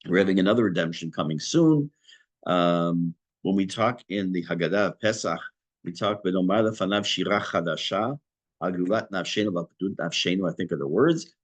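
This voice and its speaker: A man teaching an online class on prayer, reading Hebrew phrases and explaining them in English with a lively teacher's delivery. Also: low voice, moderate pace. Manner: lively teacher's delivery, rising on key words.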